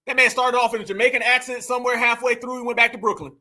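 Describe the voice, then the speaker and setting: A man hosting reaction commentary, animated and mocking, talking straight to his viewers. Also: very high-pitched, racing. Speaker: commentary host.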